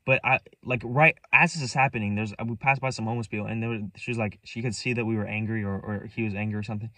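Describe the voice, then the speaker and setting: A man's voice: on the low side, fast talker, no room sound, distant mic. Young guy rambling thru a story, keeps restarting, dry sound a bit off mic. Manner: rambling, restarts and repeats himself, animated. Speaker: vlogger. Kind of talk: casual storytelling.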